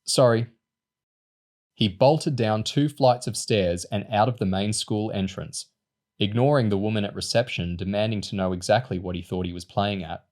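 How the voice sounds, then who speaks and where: A man reading a novel aloud in a steady narrating voice. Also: lowish voice, moderate pace. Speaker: audiobook reader. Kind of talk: storybook reading.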